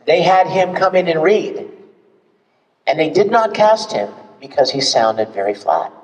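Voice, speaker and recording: Male voice actor as panel guest, animated storyteller, a touch high, recorded far from the mic in a reverberant hall. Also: unhurried. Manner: animated, acts out examples with big swings. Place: convention panel room.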